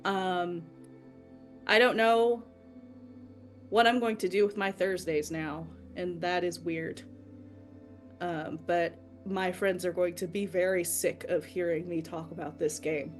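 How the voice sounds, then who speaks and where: Player signing off after a campaign, candid and self-mocking, faint music behind. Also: female voice, on the low side, steady tone, slow. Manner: candid, self-deprecating, emotional. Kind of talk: emotional outro chat.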